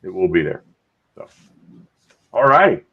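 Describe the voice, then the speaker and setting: Male host, lowish voice, upbeat and rambling, slightly muffled lo-fi audio. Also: sing-song, slow pace, husky. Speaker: podcast host. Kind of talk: casual live-show chat.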